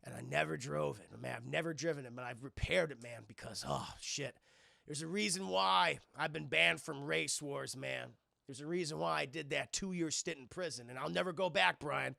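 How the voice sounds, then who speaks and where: A man putting on the low, confiding voice of a brooding, gruff male street racer. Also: normal speed, sharp tone, no echo, clean studio sound, heavily acted.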